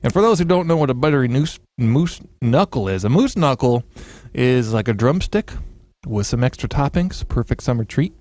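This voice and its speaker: Brief: male co-host, mid pitch, playful joking storyteller, dry close sound. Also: lively intonation, normal speed, a little mellow, no echo. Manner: jokey storyteller, playful with bits. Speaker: podcast co-host. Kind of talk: casual comedic chat.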